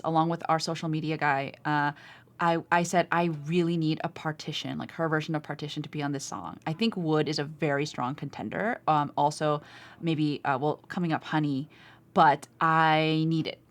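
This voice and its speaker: A woman's voice: low-pitched, fairly even intonation, brisk. A woman in her thirties co-hosting a podcast in casual chat, talking freely with frequent fillers and laughs. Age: 30s. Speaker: podcast co-host.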